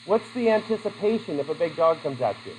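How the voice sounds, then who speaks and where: A man's voice: a little high, expressive, brisk, a little mellow, slight background noise, low-quality recording. A man teaching a class in a classroom, chatty and asking his students questions. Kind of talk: classroom lesson.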